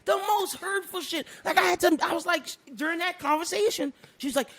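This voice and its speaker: A man co-hosting a casual podcast, telling a story with animated energy, laughing often and breaking into loud bursts. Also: very high voice, a little fast, hardly any pauses, a little hiss or hum. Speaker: podcast co-host.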